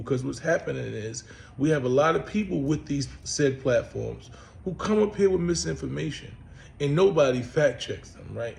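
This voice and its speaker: A man's voice: medium pitch, creaky, a little mellow, a little hiss or hum. A man hosting his own channel, talking bluntly and emphatically in casual commentary, often repeating himself. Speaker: host.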